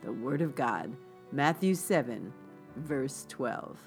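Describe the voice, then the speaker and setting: A woman hosting a devotional podcast, praying and reading scripture in an earnest, measured way. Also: extremely low pitch, lively intonation, darkish tone, faint music behind.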